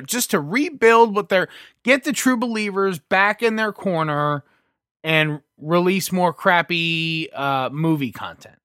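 Male podcast co-host, high bright voice, argumentative and ranting. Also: no echo, clean studio sound. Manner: argumentative, talks in restarts and rants. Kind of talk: casual podcast banter.

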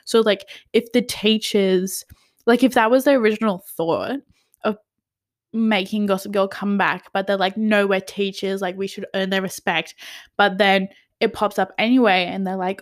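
A woman's voice: medium pitch, steady tone, moderate pace. A young woman recapping a TV episode in a casual rant, full of "like", swearing, and drops into whispers of disbelief. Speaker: TV recap vlogger.

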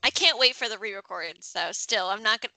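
A woman's voice: mid-range voice, fairly quick, creaky, sharp tone, dry recording. A young woman from Maryland with a subtle Baltimore accent, rambling casually as a podcast co-host. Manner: rambling, many "like" fillers. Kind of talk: casual chat.

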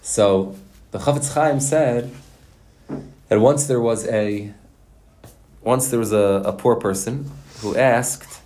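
A man teaching a Torah lesson to yeshiva students, telling stories in a lively, folksy way with Hebrew and Yiddish words. His voice sits at an ordinary middle pitch, and the sound rings in a roomy space. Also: takes it slowly, long pauses. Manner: animated, folksy storytelling with Hebrew and Yiddish terms. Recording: roomy echo.

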